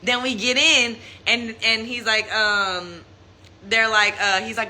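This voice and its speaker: A young woman tells a personal story in casual live-stream talk, acting out quotes in a mocking high voice. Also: steady tone, unhurried, sharp tone, slight background noise. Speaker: Instagram live host. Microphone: phone.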